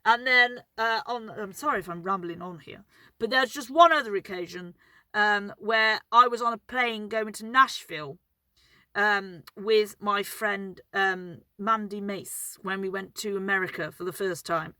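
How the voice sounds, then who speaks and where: A woman's voice: medium pitch, measured pace, sharp tone, dry recording. A woman, rambling and swearing freely while telling funny stories about flying, laughing at herself. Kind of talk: casual anecdotal storytelling.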